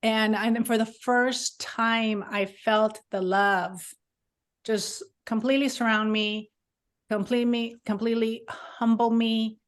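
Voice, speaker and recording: A slightly high, level voice belongs to a middle-aged author from Southern California who speaks slowly as an interview guest. She tells her personal story of faith earnestly, rambling and restarting many times.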